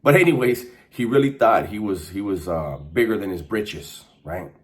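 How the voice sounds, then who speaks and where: Deep-voiced laid-back man. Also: animated, moderate pace. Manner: laid-back, slangy, laughs while telling. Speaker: storyteller recounting prison life. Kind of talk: casual storytelling monologue.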